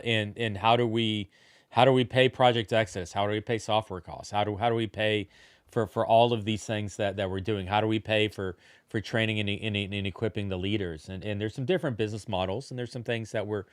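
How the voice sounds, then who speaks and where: A man's voice: on the low side, fairly even intonation, fairly quick, clear, resonant tone, dry recording, studio quality. A man co-hosting a church livestream in casual chat, often restarting words and making joking asides. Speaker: livestream co-host. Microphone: livestream setup.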